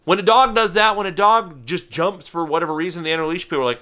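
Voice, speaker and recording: A man's voice: a little high, quick pace, few pauses. A man who is a falconer, giving an educational talk to camera with lots of restarts and a habit of slipping into playful voices. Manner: animated, with frequent restarts and playful put-on voices.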